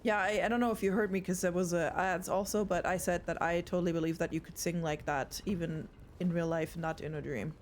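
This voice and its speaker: A woman's voice: fairly low pitch, fairly even intonation, brisk, hardly any pauses, slight background noise. A young woman streaming a horror game, chatting casually with her viewers and swearing often. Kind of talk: casual live gameplay chat.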